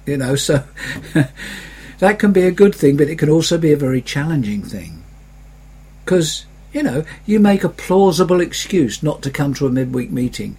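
A man's voice: a little high, animated, normal speed, a little mellow, breathy edge. A man preaching a sermon as pastor, conversational, putting on mocking voices when quoting critics.

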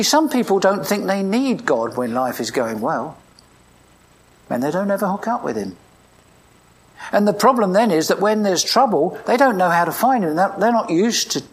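Lively husky-voiced preacher. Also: mid-range voice. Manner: questioning, reflective, asks the congregation directly. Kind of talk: sermon with scripture reading.

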